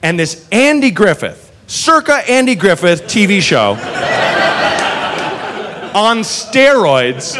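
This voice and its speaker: A man's voice: sits high, takes it slowly, long pauses, a little hiss or hum. A young man telling a profane stand-up story on a comedy club stage, acting out the people in it. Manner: animated, profane, acts out characters in voices. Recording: live crowd in the room. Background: audience laughter.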